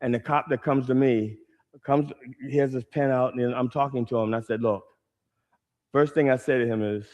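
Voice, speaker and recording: Animated stand-up comedian, man. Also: medium pitch, normal speed, muffled recording. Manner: animated storytelling, acting out shouting quotes. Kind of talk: stand-up storytelling.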